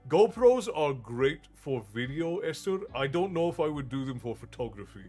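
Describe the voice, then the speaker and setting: A middle-aged man from Newfoundland with a mostly American-sounding accent and faint Newfoundland traces, chatting with his live chat and pausing often to think. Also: on the high side, sing-song, warm tone, faint music behind. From Newfoundland, Canada. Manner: pauses to think, frequent restarts. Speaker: streamer.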